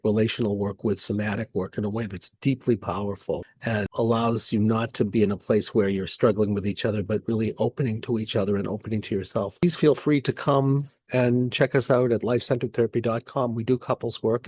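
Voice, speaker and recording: A man working as a therapist, recounting a couples session in a soft, reflective, loosely phrased way. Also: lowish voice, slightly rough, no echo.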